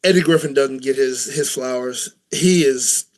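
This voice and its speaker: A man's voice: mid-range voice, measured pace, darkish tone. A man co-hosting a casual wrestling podcast, chatty and rambling, laughing easily. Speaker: podcast co-host.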